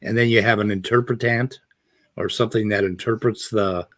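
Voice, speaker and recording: A man's voice: fairly low pitch, steady tone, fairly quick, a bit bright, no echo. A man on a casual panel chat, rambling through an explanation with many fillers. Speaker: co-host.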